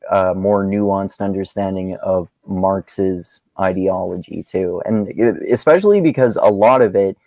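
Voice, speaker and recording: A man's voice: deep voice, a little slow, hardly any pauses, a little mellow, dry recording, poor audio. A man co-hosting a podcast, chatting casually and responding thoughtfully. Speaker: podcast co-host. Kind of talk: casual chat.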